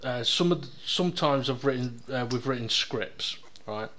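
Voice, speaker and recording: A man's voice: mid-range voice, normal speed, bright, forceful tone. A man hosting a casual podcast, rambling and joking with lots of ums and uhs. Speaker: podcast host. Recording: noisy background hiss.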